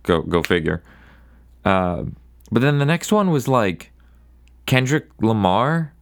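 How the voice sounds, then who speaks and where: Young man, solo podcast host, casual wry rambling, low-pitched, clean resonant voice. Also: very animated, vocal fry. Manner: rambling, wry, does quick voices for people in his stories.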